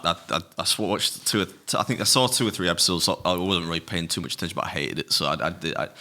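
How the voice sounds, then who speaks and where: A man's voice: low voice, very fast, bright, forceful tone. A man co-hosting a podcast, chatting casually and rambling as he corrects himself. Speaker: podcast co-host. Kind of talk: casual chat.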